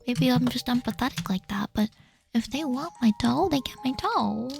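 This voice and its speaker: Woman doing soft whispery asmr chat right up on the mic, high and a bit gravelly, reads chat stuff, super doting. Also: lively intonation, moderate pace, soft background music. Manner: soft, doting and playful, reading chat questions aloud. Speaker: ASMR streamer. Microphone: very close to the mic.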